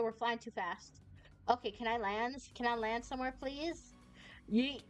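A woman's voice: a little high, measured pace. Bubbly woman VTuber, rambling game commentary, squeals when startled, faint music behind. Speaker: VTuber streamer. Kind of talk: casual gameplay commentary.

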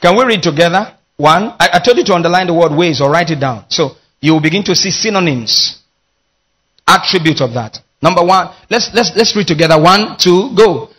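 A man's voice: high voice, lively intonation, fairly quick, fairly bright tone, husky. A man preaching a sermon as pastor, leading his congregation in call-and-response with emphatic delivery.

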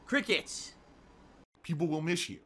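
A man's voice: medium pitch, fairly quick, bright, forceful tone, slight background noise. A middle-aged man streaming live, ranting and at times sarcastic as he talks to his viewers. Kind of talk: livestream talk.

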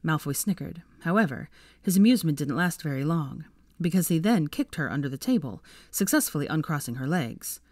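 A woman with a low voice narrates a story aloud, expressive and measured. Her pitch moves lively up and down. The sound is dry and close, with no room echo. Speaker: fanfiction reader.

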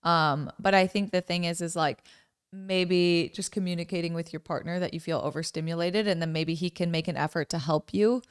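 A woman's voice: on the low side, fairly even intonation, a little fast, clean tone, no room sound, studio quality. A young woman co-hosting a casual couple podcast, rambling with lots of filler words. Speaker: podcast co-host.

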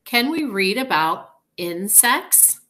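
A woman's voice: medium pitch, big pitch swings, slow, sharp tone, pitched above the performer's own voice, full character voice. A woman reading out a curious young boy. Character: curious young boy who loves bugs.

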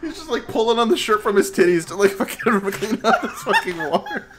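A man's voice: sits high, brisk, echoey room, background noise. A young man co-hosting a let's play, laughing and swearing in casual chat. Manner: laughing, profane, animated. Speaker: gaming channel co-host.

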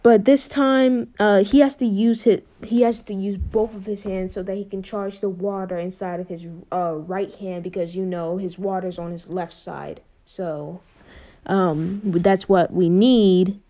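A young woman casually retelling a fan what-if story in a mellow, warm voice. She rambles, restarts and fills pauses with ums as she goes. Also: mid-range voice, steady tone. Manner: rambling, with many fillers and restarts.

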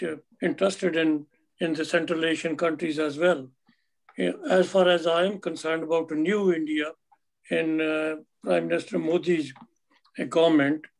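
Gravelly man asking a question. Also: on the high side, low-quality recording. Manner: halting, fillers. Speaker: audience questioner.

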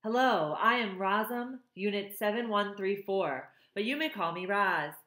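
A woman voicing a female robot mother who speaks in polite, measured sentences. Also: medium pitch, fairly bright tone, roomy sound, voice pushed up, natural voice. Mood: calm.

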